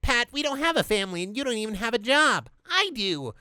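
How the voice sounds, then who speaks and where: A man voicing a squeaky, high-pitched cartoon sea sponge boy in a shrill falsetto. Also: sing-song, fairly quick, bright, forceful tone, smooth, no room sound, studio quality, heavily acted. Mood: indignant.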